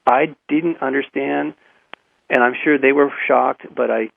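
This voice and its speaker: Halting man on a tinny phone line. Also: medium pitch, fairly even intonation, gravelly, no echo. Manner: halting, repeats words, chuckles often. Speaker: guest. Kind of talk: personal storytelling in a radio interview.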